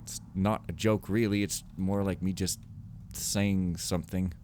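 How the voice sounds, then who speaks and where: A man's voice: low voice, steady tone, a little slow, darkish tone, a little hiss or hum. Joking man rambling over gameplay. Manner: joking, rambling, self-mocking. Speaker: Let's Play commentator. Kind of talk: casual gameplay commentary.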